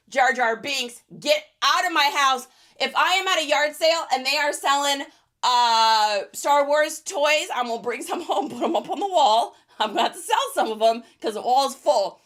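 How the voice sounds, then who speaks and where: A woman hosting a casual livestream for resellers, reading viewer questions and chatting quickly with frequent laughs. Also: high voice, lively intonation, fairly bright tone.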